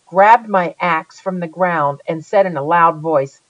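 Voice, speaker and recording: An audiobook reader telling a first-person story with a lively, dramatic delivery. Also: medium pitch, unhurried, hardly any pauses, dry recording, dull audio.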